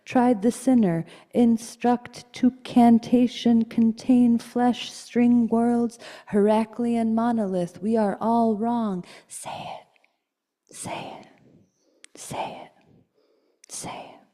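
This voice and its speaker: A woman poet giving a live poetry reading at a gallery, slow and incantatory, repeating words like a chant. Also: medium pitch, mellow, in a large hall. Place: art gallery event space.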